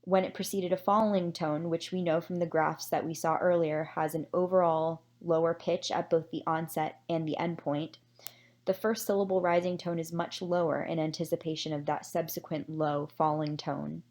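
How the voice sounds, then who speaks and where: A woman with a fairly low voice walks through research findings in a scripted academic presentation. She explains things in a measured way and now and then drops in a filler. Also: flat delivery, darkish tone. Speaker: presenter summarizing a research paper.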